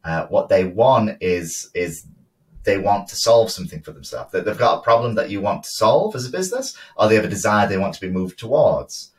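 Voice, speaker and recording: A man co-hosting a casual business podcast, chatty and quick to laugh, often restarting his words. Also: lowish voice, expressive, recorded from a distance. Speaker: podcast co-host, photographer.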